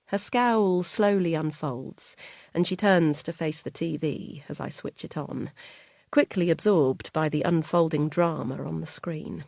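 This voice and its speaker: Low, dry-voiced woman narrating. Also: a little slow, creaky, darkish tone, dry recording. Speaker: audiobook narrator. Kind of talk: first-person audiobook narration.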